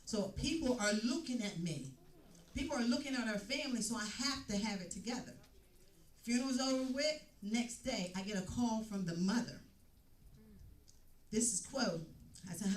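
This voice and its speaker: A woman with a slightly high voice gives an emotional church testimony, repeating phrases as she tells her story. She is heard from some distance in an echoey church hall. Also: normal speed. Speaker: testimony speaker. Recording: echoey room, mic at a distance.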